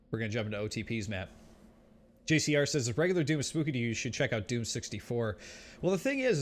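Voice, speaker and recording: A man streaming a game and chatting with viewers, often exclaiming and laughing as he plays. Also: medium pitch. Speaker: gaming streamer. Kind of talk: let's play commentary.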